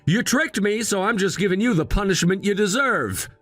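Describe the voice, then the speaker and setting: An actor playing an arrogant, snobbish young fiancé who talks down to people in a sneering, condescending way. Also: male voice, sits high, animated, normal speed, a bit bright, no echo, soft background music. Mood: contemptuous. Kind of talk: voiced drama narration.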